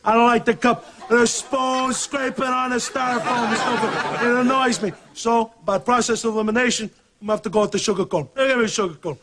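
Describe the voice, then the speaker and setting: A man playing a gruff, easily upset tough guy in a sketch, mumbling, repeating himself and flaring into shouts. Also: extremely high pitch, steady tone, quick pace, few pauses, a crowd in the background. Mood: fussy. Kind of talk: sketch comedy impression. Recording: TV studio with loud audience laughter and noise.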